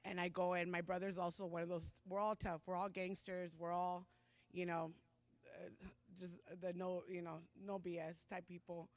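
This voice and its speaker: A woman's voice: fairly low pitch, level tone. Emotional woman giving church testimony. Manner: halting and emotional, many pauses and fillers. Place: church Sunday service.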